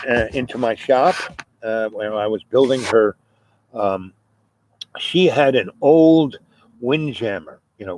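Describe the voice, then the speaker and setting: A man spinning a meandering personal story at a middle pitch, wandering off into asides and fillers. A steady hiss of background noise runs under the voice. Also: low-quality recording. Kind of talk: rambling spoken storytelling.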